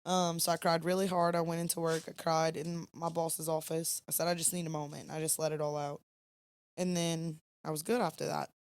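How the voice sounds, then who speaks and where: A woman's voice: sits low, flat delivery, moderate pace, clear, resonant tone. A young woman, co-hosting a podcast, telling a rambling story late at night, tired and yawning. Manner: chatty, rambling storyteller with fillers. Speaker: podcast co-host.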